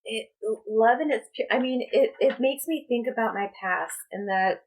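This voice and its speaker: A woman speaking as a spiritual coach in a personal vlog, talking in a slow, halting, reflective way. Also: a little high, low-quality recording. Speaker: spiritual coach and tarot reader.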